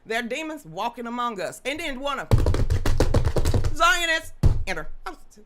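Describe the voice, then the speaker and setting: A woman hosting a livestream news show, talking casually and reading viewer comments aloud in a loud, projecting, blunt and sassy way. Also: a little high, big pitch swings, normal speed, loud music behind the voice.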